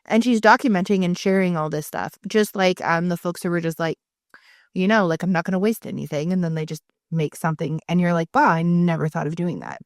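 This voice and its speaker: A woman co-hosting a podcast in casual chat, telling stories lively and acting out the people she quotes. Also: lowish voice, a little fast, dry recording, studio quality. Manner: animated storyteller, acts out quoted people. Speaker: podcast co-host.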